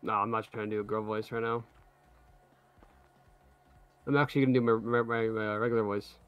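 A man's voice: fairly low pitch, fairly even intonation, fairly quick, clear, resonant tone, dull audio. A man chatting casually while setting up a roleplay game, joking and laughing often. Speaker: roleplay streamer. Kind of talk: casual gaming chat.

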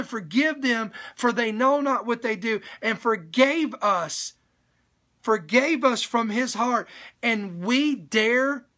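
A man's voice: extremely high pitch, sharp tone. A man preaching a sermon on a live stream, reading a scripture passage aloud and breaking off often to urge his listeners to stay and pay attention.

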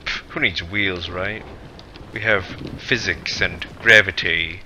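A man's voice: low voice, steady tone, slow pace, pushed and bright, slight background noise. A man playing a survival game, commentating to himself and getting easily frightened. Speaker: gaming channel creator. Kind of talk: let's play commentary.

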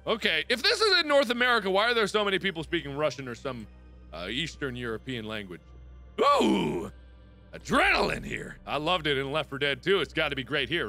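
A young man in his twenties giving excitable, jokey let's play commentary and talking to himself as he plays. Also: a little high, a little fast, faint music behind. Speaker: gaming video host.

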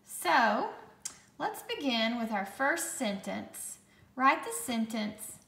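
A woman teacher giving a phonics lesson to children, speaking slowly and patiently and sounding out each dictation sentence word by word. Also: fairly high pitch, animated, vocal fry, fairly bright tone, roomy sound.

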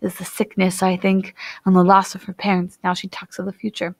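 A woman's voice: mid-range voice, flat delivery, a little fast, creaky, no room sound. Worried young villager, polite; a woman reader voicing him in a dry, close sound.

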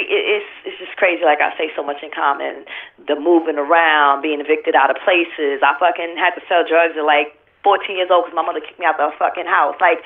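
Woman on the phone, sounds tinny, blunt and cussing a lot, animated story. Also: deep voice. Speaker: interview guest. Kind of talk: candid interview talk.

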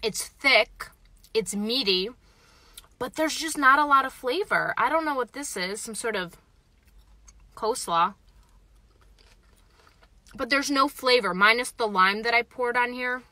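Live-streaming from a parked car, a young woman reviews a taco on her phone, talking with viewers frankly and chattily, reading comments out loud, and speaking while eating. Her voice is on the high side and sharp, a little slow with frequent pauses, and there's no echo.

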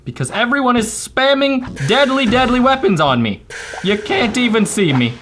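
A young man giving let's play commentary on a racing game, excitable and self-mocking, jumping between yelps and low mutters. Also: normal speed, slight background noise. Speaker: gaming channel host.

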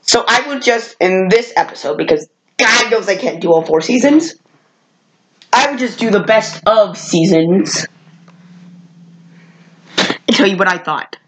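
A woman vlogger reviewing old cartoons in a casual, rambling way, correcting herself often and jumping up in pitch when she exclaims. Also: animated, a little slow, long pauses, a crowd in the background, poor audio. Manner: rambling, with frequent self-corrections.

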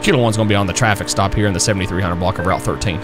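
A man streaming a police roleplay game, energetic and slangy, talking to his chat between calls. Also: deep voice, rapid-fire, music in the background. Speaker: streamer playing a police officer.

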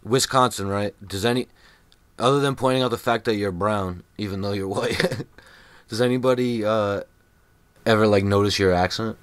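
A man's voice: lowish voice, normal speed, clear, resonant tone, dry recording. A man from Rhode Island with a New England accent, hosting a podcast in profane, joking banter. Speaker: podcast host. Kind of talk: casual chat.

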